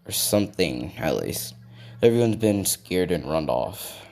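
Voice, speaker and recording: Lonely trapped dragon, chatty and sheepish, read plainly by a man; animated pitch. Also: measured pace, heavily acted.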